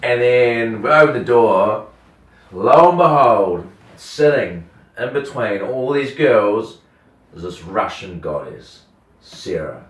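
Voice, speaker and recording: A young man rambles through a story, peppering it with "like" and quick impressions of the people in it. His voice sits on the low side. It sounds roomy and a little far from the mic. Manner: rambling, animated, full of "like" and quoted voices. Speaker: radio host telling a story. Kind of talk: casual storytelling chat.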